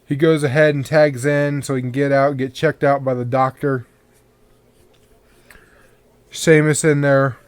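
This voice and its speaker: A man's voice: mid-range voice, level tone, a little slow, pauses often, clean tone, no echo. A sleepy man hosting a podcast, giving casual, rambling commentary on a match and swearing now and then. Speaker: podcast host.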